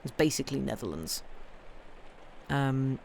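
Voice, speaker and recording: A woman's voice: very deep voice, animated, measured pace, creaky, a little mellow, a little hiss or hum. A woman who streams herself reading novels aloud, chatting casually and rambling, full of ums and restarts. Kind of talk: casual chat on a live stream.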